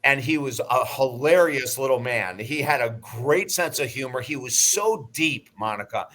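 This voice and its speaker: A man in his sixties speaks as a guest in an interview. His voice sits at an ordinary middle pitch. He tells stories in an animated, emphatic way and sometimes swears. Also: moderate pace. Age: 60s. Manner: blunt and emphatic, with profanity; animated anecdote-teller. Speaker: guest, life coach and broadcaster. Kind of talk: interview storytelling.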